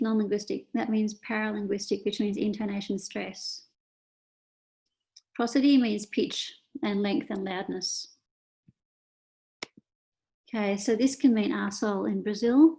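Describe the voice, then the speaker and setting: An Australian woman gives a relaxed lecture over slides, talking her students through each point. She moves between topics with small fillers and asides, at a middle pitch and easy pace. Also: normal speed. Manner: explains casually, many fillers and asides. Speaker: teacher.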